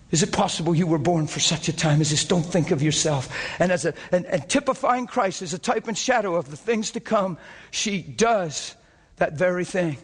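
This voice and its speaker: An impassioned male preacher with a high voice pours out a sermon, firing rhetorical questions and climbing to emphatic peaks. His voice rings out with long reverb in a church hall. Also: slightly rough. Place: church service before a congregation.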